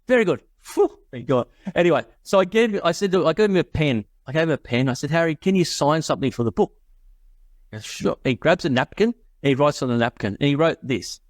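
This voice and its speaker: Lively man telling stories. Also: on the high side, dry recording. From Australia. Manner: animated anecdotes, voices quoted people, laughs often. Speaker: guest investor. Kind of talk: casual podcast storytelling.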